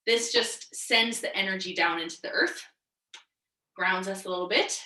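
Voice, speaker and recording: A woman's voice: mid-range voice, moderate pace, pushed and bright. A woman guiding a movement lesson in a playful way, laughing easily as she explains. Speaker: energy work teacher. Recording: echoey room.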